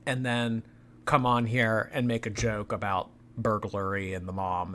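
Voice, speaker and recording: A man's voice: medium pitch, steady tone, normal speed, a bit bright. A man hosting a reaction commentary, making dry, mocking asides about the clips he plays. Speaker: commentary channel host.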